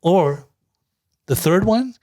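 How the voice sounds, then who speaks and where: A recovery coach telling his story as a guest, in a profane, animated, streetwise way. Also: high-pitched, slow pace. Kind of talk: casual storytelling.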